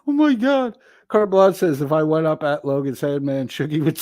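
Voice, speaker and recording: Guy reading his stream chat out loud, swearing a lot and cracking up, dead dry sound. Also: on the high side, unhurried, no echo. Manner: crude, laughing, reads viewer comments aloud. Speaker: livestream host reading chat. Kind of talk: casual livestream chat reading.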